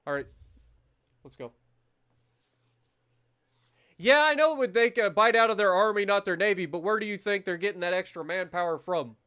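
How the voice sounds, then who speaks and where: A man streaming a naval strategy game, commenting casually, swearing freely and bursting into loud disbelief at the battle results. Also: high voice, moderate pace, long pauses, clear, resonant tone. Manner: muttering calmly while managing menus.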